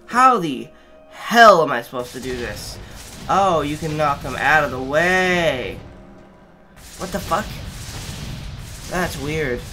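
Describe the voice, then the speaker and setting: A gamer giving let's play commentary, exasperated and swearing often, with sudden yelling outbursts at the game. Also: medium pitch, animated, slow, long pauses, music in the background. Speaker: gamer playing through a platform game.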